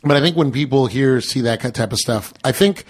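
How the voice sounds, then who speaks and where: Brief: American male podcast host, mid-pitched, chatty and rambling, teasing asides. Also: a little fast. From United States. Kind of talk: casual chat.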